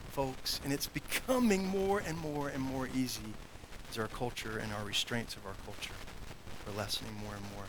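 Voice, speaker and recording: A man preaching a sermon in an earnest manner, growing loud on key points and dropping to quiet asides. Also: a little high, noisy background. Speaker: pastor.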